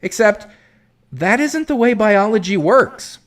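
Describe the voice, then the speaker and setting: Male commentary host, exasperated and lecturing, lively pitch. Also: a little slow. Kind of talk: critical commentary on a clip.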